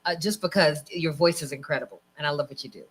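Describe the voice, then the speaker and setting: Female podcast co-host from Vegas, lowish voice, chatty and expressive. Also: quick pace, slightly rough. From Las Vegas. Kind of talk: casual interview chat.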